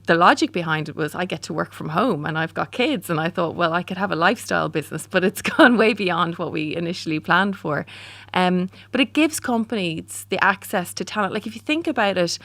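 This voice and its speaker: An Irish woman in her forties, a startup founder, answers interview questions candidly, with frequent ums and restarts. Her voice is on the low side and a bit bright, recorded with no room sound.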